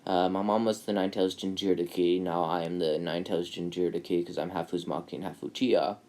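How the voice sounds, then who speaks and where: A calm, self-assured boy ninja, put on by a man in a casual fan retelling. He speaks low and matter-of-factly. He often halts on fillers. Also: close to an everyday voice. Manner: matter-of-fact, halting with fillers.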